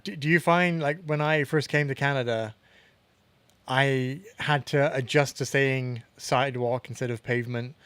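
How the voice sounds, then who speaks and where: A man from England co-hosting a podcast, relaxed and laughing easily as he chats. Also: mid-range voice, moderate pace, smooth, no room sound. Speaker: podcast co-host. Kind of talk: casual chat.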